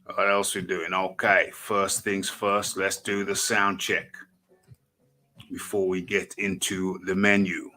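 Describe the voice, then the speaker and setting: A man with a northern English accent hosts a livestream, talking slowly and repeating himself while he sorts out his settings. His low voice has a bright, forceful edge. Faint music plays behind him. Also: little pitch movement, low-quality recording. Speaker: host of a boxing talk livestream. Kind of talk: casual livestream setup chatter.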